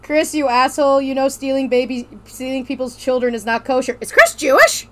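A young woman playing a horror game on stream, joking, animated and swearing freely. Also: sits high, a little fast, background noise. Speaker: gaming streamer. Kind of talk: casual let's play commentary.

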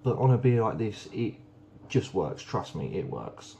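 A man's voice: lowish voice, big pitch swings, a little slow, creaky, heavy background noise. A young man chatting casually and enthusiastically while reviewing beers, rambling with plenty of ums. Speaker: beer reviewer. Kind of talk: casual beer review vlog.

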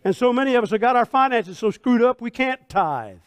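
A man in his sixties preaching a sermon as pastor, folksy and fervent, swinging from hushed talk to shouts. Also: extremely high pitch, animated, fairly quick, clear, resonant tone, no room sound. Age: 60s.

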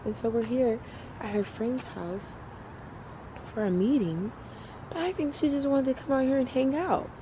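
A woman's voice: medium pitch, lively intonation, a little slow, noisy background. A young woman vlogging to her compact camera, rambling casually and saying "like" and "y'all" a lot. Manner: chatty, rambling, uses "y'all" and "like". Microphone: built-in mic of a compact camera.

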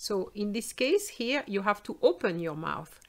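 Woman teaching sounds, takes it real slow, says each word twice. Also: medium pitch, big pitch swings, a bit bright. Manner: slow, careful, repeats words for learners. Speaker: French teacher. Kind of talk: pronunciation lesson.

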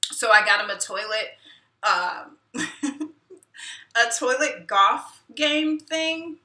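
A woman's voice: on the high side, expressive, slow pace, pushed and bright. A woman hosting her own live stream in casual chat, self-deprecating and muttering asides to herself. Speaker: YouTube host. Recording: roomy echo, mic at a distance.

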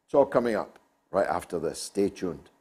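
A man's voice: deep voice, big pitch swings, moderate pace, creaky. A man hosting a talk show, delivering an emphatic, oratorical monologue.

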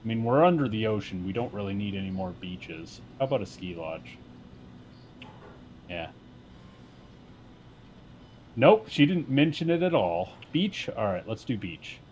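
Playful, slow-talking male streamer. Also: fairly low pitch, sing-song, darkish tone, a little hiss or hum. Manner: joking, playful, reads on-screen text aloud. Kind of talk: casual gameplay commentary.

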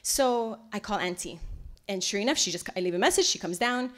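Lady giving a talk, lively storyteller, does the voices of people she quotes. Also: medium pitch, a little fast. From Hawaii. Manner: animated, acts out quoted voices. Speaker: lecture presenter. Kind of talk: storytelling lecture.

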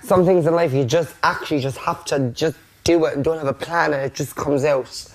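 A man's voice: fairly high pitch, fairly even intonation, brisk. A man on a reality show giving blunt, sweary reassurance in a casual heart-to-heart chat.

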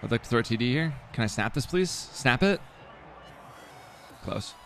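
A young man giving live commentary while playing a video game, swearing and repeating himself, sometimes breaking into yells. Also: mid-range voice, moderate pace, creaky, a little hiss or hum. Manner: swears and mutters the same phrase over and over; excitable, jumps into yelling.

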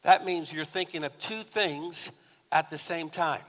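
A pastor giving a sermon in a conversational, storytelling way with touches of humor, recorded in a church. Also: male voice, on the high side, unhurried, a bit bright, in a large hall. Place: church sanctuary.

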